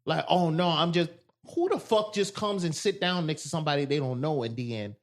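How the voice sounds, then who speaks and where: A man co-hosting a podcast in casual chat, telling animated stories and loudly acting out quoted lines. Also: on the high side, a little fast. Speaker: podcast co-host.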